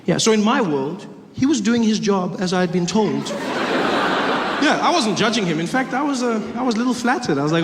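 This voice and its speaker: A man tells a story in a stand-up comedy set in a fairly high voice, acting out each scene. He is recorded live on a stage, with long hall reverb and clear crowd noise behind him. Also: moderate pace. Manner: animated, acts out scenes, shifts voices.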